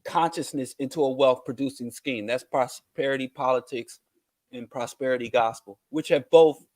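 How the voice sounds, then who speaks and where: A man's voice: medium pitch, normal speed, darkish tone, no room sound. A man, a podcast guest, arguing his points emphatically in a casual discussion. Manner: emphatic, argumentative.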